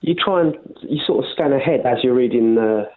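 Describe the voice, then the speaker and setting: A man's voice: medium pitch, fairly quick. Male caller on a tinny phone line. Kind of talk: phone-in chat.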